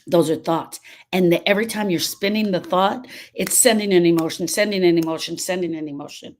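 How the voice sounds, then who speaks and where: Emphatic woman grief coach, lower voice. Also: fairly quick, darkish tone. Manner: emphatic and repetitive, restating points, prone to sidetracks. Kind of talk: live-stream talk answering viewer comments.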